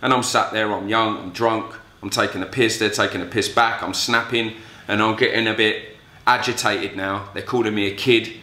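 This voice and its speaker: A man tells a story in a blunt, foul-mouthed way. His voice is bright and forceful, and the room around him sounds echoey. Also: lowish voice, steady tone, normal speed. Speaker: vlogger. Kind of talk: storytelling vlog. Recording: roomy echo.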